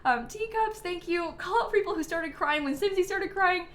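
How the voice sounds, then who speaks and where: A woman's voice: very high voice, normal speed, a bit bright. A woman hosting a casual live stream, chatty and giggly, full of ums and likes as she thanks viewers by name. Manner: reads out viewer names and thanks. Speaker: livestream host.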